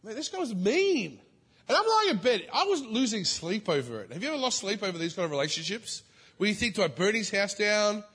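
Animated preacher in a reverberant hall. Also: male voice, fairly quick, slightly rough. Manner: animated, swings from loud high exclamations to soft low asides. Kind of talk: storytelling sermon. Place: church. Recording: long reverb of a large hall.

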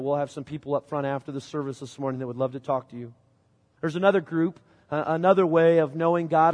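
A man's voice: on the high side, darkish tone. Man, middle-aged, from Illinois, pastor, conversational sermon, long church hall reverb. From Illinois, USA. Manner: conversational storytelling preaching. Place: church sanctuary.

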